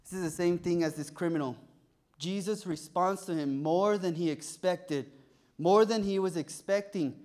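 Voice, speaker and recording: Young male preacher, lively storyteller, voice on the higher side. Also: moderate pace. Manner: animated storytelling, acting out voices. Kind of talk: sermon with personal story.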